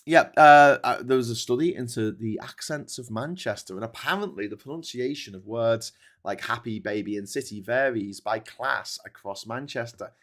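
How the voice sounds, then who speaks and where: A man's voice: medium pitch, normal speed, fairly bright tone. A man with a Scouse accent from Liverpool hosting a casual news commentary show, chatty and opinionated, with many fillers and restarts. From Liverpool, England. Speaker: host.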